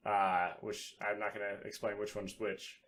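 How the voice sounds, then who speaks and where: Low-voiced rambling man. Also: little pitch movement, normal speed, a bit bright, slight background noise. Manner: rambling, joking and profane. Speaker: podcast co-host. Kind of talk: casual chat.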